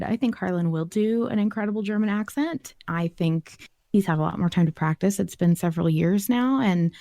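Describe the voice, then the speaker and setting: Mellow-voiced woman musing on a podcast. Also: on the low side, no room sound, clean studio sound. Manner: speculative, thoughtful, chatty. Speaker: podcast co-host. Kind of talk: casual podcast discussion.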